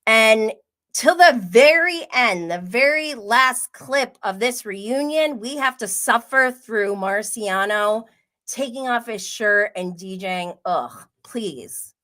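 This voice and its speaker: A woman hosting a casual pop culture livestream, chatting quickly with many "like" fillers and frequent laughs. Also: fairly high pitch, sharp tone. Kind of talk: casual gossip chat.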